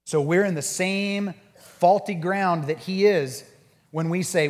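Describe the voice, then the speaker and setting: A man preaching a sermon and leading a group discussion, acting out quoted voices in an animated way. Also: high voice, slow, big-room sound. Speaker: pastor.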